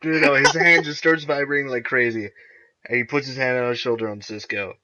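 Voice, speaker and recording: A young man co-hosting a podcast in casual chat, excitedly recapping TV episodes and often laughing as he retells scenes. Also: medium pitch, a little fast, very noisy. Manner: excitable, laughs often, acts out characters' lines. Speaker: podcast co-host. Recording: dull lo-fi recording.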